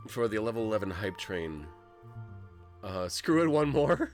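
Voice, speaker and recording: A man streaming a game live, shouting excited thanks and then turning tearful and emotional. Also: on the low side, a little slow, long pauses, faint music behind. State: close to tears. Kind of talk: live-streamed gameplay commentary.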